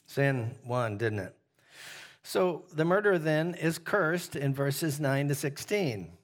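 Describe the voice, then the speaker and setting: A man leading a Bible study, teaching in a relaxed conversational way, often pausing with "uh" and putting questions to his listeners. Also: fairly high pitch. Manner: asks the group questions, frequent "uh" fillers.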